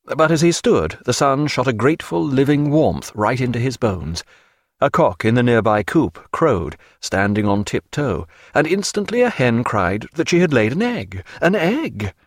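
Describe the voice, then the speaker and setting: A man narrating an audiobook in a measured, expressive reading. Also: mid-range voice, no room sound, studio quality.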